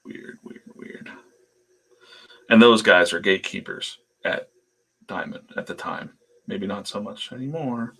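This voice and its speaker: Raspy low guy rambling through comic-industry stories on a stream, gravelly edge. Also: unhurried, long pauses, a bit bright. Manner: rambling, swears, laughs between anecdotes. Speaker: comic artist and channel host. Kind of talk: casual storytelling on a livestream.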